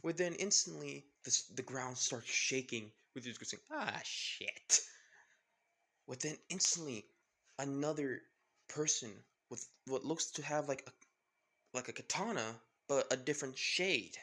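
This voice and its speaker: A man's voice: medium pitch, moderate pace, a bit bright. A young man hosting his channel, narrating a fan-made story in a casual, rambling way full of fillers. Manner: rambling, many fillers, restarts.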